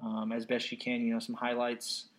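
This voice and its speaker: A man's voice: mid-range voice, monotone, normal speed. Teasing young man hosting a podcast. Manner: teasing, joking banter. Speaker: podcast host. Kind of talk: casual interview chat. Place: apartment.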